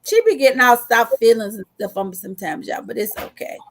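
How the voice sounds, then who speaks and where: A woman's voice: on the high side, big pitch swings, fairly quick, a loud crowd. A woman co-hosting a live show, teasing her friend and reading viewer comments. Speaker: co-host. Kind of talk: casual chat.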